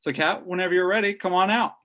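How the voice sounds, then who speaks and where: A man's voice: high-pitched, quick pace, sharp tone. A man introducing acts at an open-mic show, hesitant with fillers. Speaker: emcee. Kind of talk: stage introductions.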